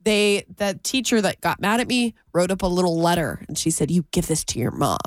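A woman co-hosting a radio show, telling a story in casual chat and acting out the quotes in a higher voice. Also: brisk, no echo, studio quality. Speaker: radio co-host.

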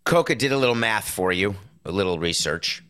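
A man's voice: on the low side, expressive, a little fast, clean tone. A middle-aged man hosting a sports talk show, giving an opinionated monologue with sarcastic, punchy stresses. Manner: emphatic, sarcastic, punchy with sudden loud stresses.

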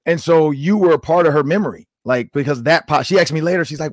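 A man in his forties hosting a sports podcast, telling stories in a casual, animated way with lots of "like". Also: on the high side, fast talker, no room sound, clean studio sound. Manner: animated storytelling with many "like"s. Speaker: show host and former coach.

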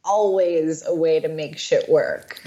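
Woman, lowish voice, slow pace, relaxed podcast co-host chat. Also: dull audio. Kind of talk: casual chat.

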